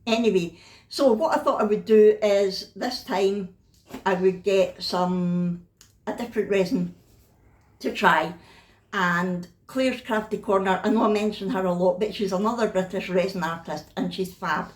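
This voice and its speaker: A woman's voice: medium pitch, measured pace, reverberant, poor audio. A Scottish woman chatting casually about a craft haul at home, self-mocking and laughing often. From Scotland. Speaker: craft vlogger.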